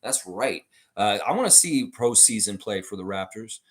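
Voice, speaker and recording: A man hosting a live sports fan stream, chatting casually as he reads viewer comments, animated and swearing freely. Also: moderate pace. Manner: animated, swings high when mocking others, swears freely.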